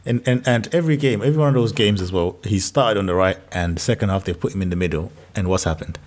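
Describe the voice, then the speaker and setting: A man co-hosting a football podcast in casual banter, animated and exasperated, laughing often. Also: low-pitched, quick pace. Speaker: podcast co-host.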